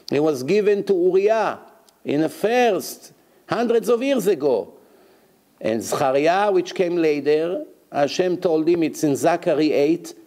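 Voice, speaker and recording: A man delivers a Talmud lesson in the animated manner of a rabbi telling a story. His voice sits a touch high, and he keeps pausing to explain terms and to ask his listeners rhetorical questions. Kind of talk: Talmud lecture.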